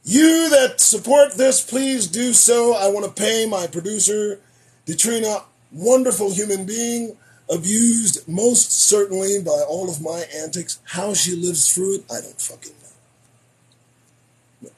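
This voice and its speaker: A man hosting a podcast, losing his voice, delivering an emphatic, preachy commentary monologue that swings between loud declarations and muttered asides. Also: high-pitched, measured pace. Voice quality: husky. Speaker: podcast host.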